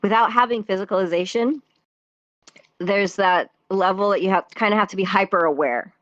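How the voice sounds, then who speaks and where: A woman's voice: medium pitch, normal speed, fairly bright tone, dry recording, muffled recording. A woman guest on a casual podcast interview, a theatre performer and dance teacher, talking in a chatty way with frequent laughs, fillers and restarts. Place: virtual reality social world voice chat.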